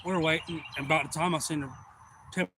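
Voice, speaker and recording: A man hosting a fishing livestream, telling a rambling, folksy story that turns loud and excited. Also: fairly high pitch, quick pace, noisy background.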